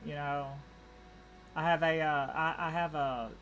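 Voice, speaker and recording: With an Appalachian accent, a woman streamer chats casually while gaming, rambling, repeating words, and restarting sentences. Her low voice is steady in tone, fairly bright, and measured in pace. Slight background noise is present.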